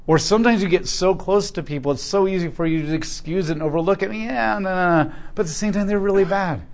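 A man's voice: high-pitched, quick pace, a little mellow. A male pastor preaching a sermon in a conversational, storytelling way, putting questions to the congregation.

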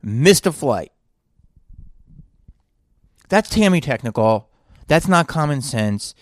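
A man's voice: fairly high pitch, sing-song, slow pace, dry recording. A man hosting a solo podcast from a hotel room, telling a rambling story with lots of swearing and sighing. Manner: profane, sighing, digressive. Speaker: podcast host.

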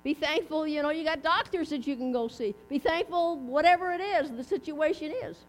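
A woman's voice: high-pitched, a little fast. A middle-aged woman giving a chatty, folksy sermon, asking her listeners questions. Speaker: preacher. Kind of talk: casual sermon. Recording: mains hum underneath.

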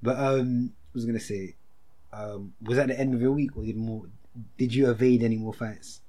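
A man's voice: mid-range voice, steady tone, warm tone. A young man, co-hosting a podcast in casual, teasing chat over a video call. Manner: teasing, quick, breaks into laughter. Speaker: podcast co-host.

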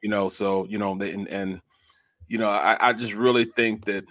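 Laughing, animated sports talk host. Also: male voice, fairly low pitch, normal speed, no room sound, studio quality. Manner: animated storyteller, laughs often.

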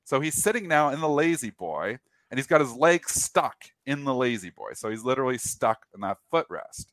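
With medium pitch and normal speed, the host of a market show recounts a long, funny story casually. He animates it by acting out the quotes and restarting sometimes, in a dry recording.

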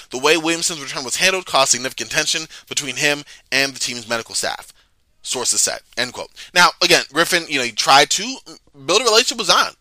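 Bright-voiced man talking sports, chatty. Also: a little high, no echo. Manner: chatty, stammers and restarts, reads quotes aloud. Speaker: sports podcast host. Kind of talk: casual sports commentary.

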